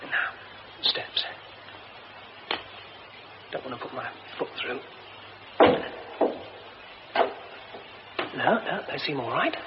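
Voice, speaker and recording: An actor playing an excitable young playwright in a radio drama, talking to himself in exclamations. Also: male voice, medium pitch, takes it slowly. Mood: wondering. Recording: dull old radio recording with clear hiss.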